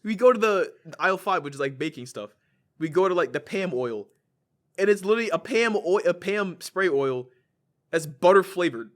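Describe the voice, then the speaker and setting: A man on a casual podcast tells a story with a high voice that jumps around a lot. He acts out the people in it and keeps breaking into laughter. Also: normal speed. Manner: animated, mimics people he quotes, laughs often. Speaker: podcast co-host.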